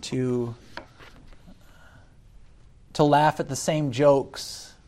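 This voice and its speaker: A man preaching a sermon, deliberate, rising loud when he quotes scripture and dropping soft between points. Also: medium pitch, fairly even intonation. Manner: deliberate, swells loud on scripture then drops quiet.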